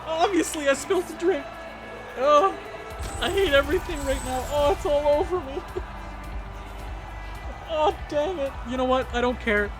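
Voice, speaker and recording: A man giving excited let's-play commentary, yelling at the game and swinging between frantic outbursts and hushed disbelief. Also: very high-pitched. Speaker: gaming video creator. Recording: game music playing behind the voice. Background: video game music.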